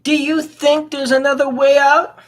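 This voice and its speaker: A man's voice: very high-pitched, flat delivery, moderate pace, a bit bright. A young man talking to himself as he clicks around his computer for a vlog. He mumbles, rambles and grumbles about what he finds. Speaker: vlogger. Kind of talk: rambling screen-recording commentary.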